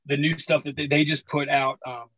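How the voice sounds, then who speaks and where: A man in his forties trades stories on a podcast. His voice is bright and a little husky, and he keeps acting out what other people said. The recording is dry, with no room sound. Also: fairly high pitch, brisk, dry recording, low-quality recording. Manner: animated storyteller, acts out quotes, laughs often. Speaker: podcast guest. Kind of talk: casual chat.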